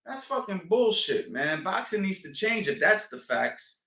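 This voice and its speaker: A man's voice: high-pitched, sing-song, measured pace, gravelly, bright, forceful tone, echoey room, recorded from a distance. A man, a boxing coach, ranting on a livestream, swearing freely and firing off rhetorical questions. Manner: profane, fired-up, rhetorical questions. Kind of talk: heated livestream rant.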